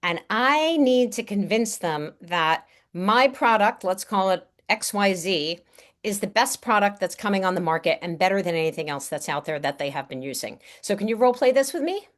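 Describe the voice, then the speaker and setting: A woman's voice: medium pitch, expressive, moderate pace. Upbeat woman coaching a workshop. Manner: upbeat, encouraging, chatty with fillers. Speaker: speaking coach running a workshop. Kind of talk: online workshop instruction.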